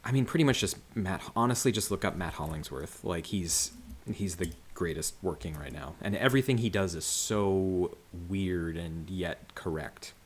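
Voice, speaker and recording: Low-voiced man rambling while he works. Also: animated, normal speed, breathy edge. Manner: rambling, many fillers and restarts. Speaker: comic colorist. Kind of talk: casual livestream commentary while working.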